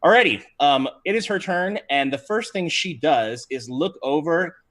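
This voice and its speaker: A male game master narrates a livestreamed tabletop game with a very lively voice that swoops up and down. He talks in a chatty, casual way, scattering fillers as he describes the action. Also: fairly high pitch, normal speed.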